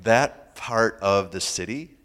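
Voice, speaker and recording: A male pastor preaching a sermon, humorous and animated, moving between loud punchlines and quiet, earnest asides. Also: on the low side, slow pace. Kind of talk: sermon with personal storytelling.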